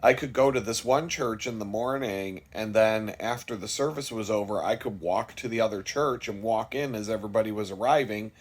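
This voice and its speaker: Middle-aged man, low-pitched, unscripted vlog storyteller, candid and rambling, swears freely. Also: brisk, few pauses, breathy edge. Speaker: vlogger.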